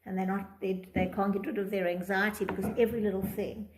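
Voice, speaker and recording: A woman's voice: medium pitch, fairly even intonation, fast talker. A woman teaching a Torah psychology class, reading from a text and explaining it, acting out quoted thoughts in different tones. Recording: echoey room.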